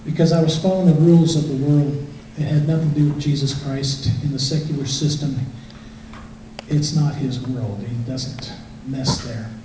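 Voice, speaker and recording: A middle-aged man tells his personal testimony in an easy, conversational storytelling way. His voice sits a little high for a man. He sounds distant, with a strong echo filling the church hall and a faint hiss underneath. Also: steady tone, moderate pace, mellow. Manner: conversational storytelling, acting out quotes. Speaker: guest speaker. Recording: echoey hall from far off, faint noise.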